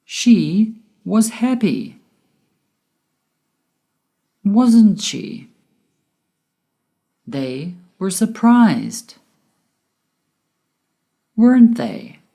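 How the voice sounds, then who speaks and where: Slow, mellow-voiced woman teaching grammar. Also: mid-range voice, sing-song. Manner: slow, careful, clearly enunciated explanation. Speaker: English teacher. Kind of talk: scripted grammar lesson narration.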